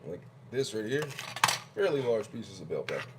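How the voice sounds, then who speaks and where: A man's voice: on the low side, very animated, moderate pace, very noisy. Man chatting through a messy kitchen demo. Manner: chatty, narrates each step as he works. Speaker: home cooking vlogger. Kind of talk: casual cooking demonstration. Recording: loud kitchen clatter behind. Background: dishes, pots and cutlery clattering.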